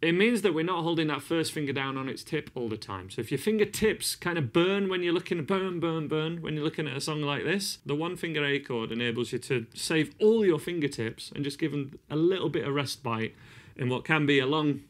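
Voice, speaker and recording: A guitar teacher with a fairly high, lively voice talks briskly through a casual lesson, encouraging the student, counting beats out loud and singing bits as he plays. The guitar is loud and sits over his voice.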